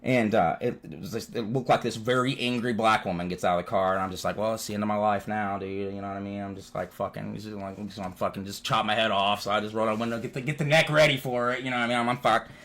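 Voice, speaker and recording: A young man casually telling car stories to his viewers in an animated, profane way, with big swings in his voice. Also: fairly low pitch, fast, few pauses. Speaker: vlogger. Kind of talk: casual storytelling.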